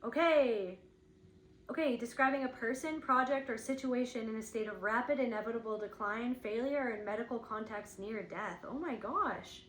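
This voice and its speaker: A woman's voice: a little high, normal speed, reverberant, a little hiss or hum, poor audio. A woman giving an intuitive spiritual reading, thinking aloud in a searching, rambling way, with lots of "like". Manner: searching, rambling, heavy use of "like".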